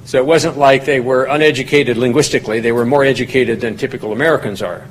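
A man at a medium pitch gives a relaxed, rambling sermon, chatting through the background of a passage. When he reads the verses aloud, his voice climbs higher and grows louder. A faint hum of room ambience sits behind him. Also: fast. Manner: folksy and digressive, rising in pitch and volume when reading scripture aloud. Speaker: pastor teaching a Bible study. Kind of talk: conversational sermon.

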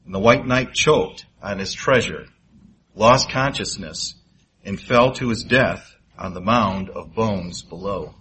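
A man's voice: fairly low pitch, fairly bright tone, slight background noise, poor audio. A man preaching, telling a moral parable in dramatic storytelling fashion. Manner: dramatic storyteller, rising for suspense and slowing for effect. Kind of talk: sermon storytelling.

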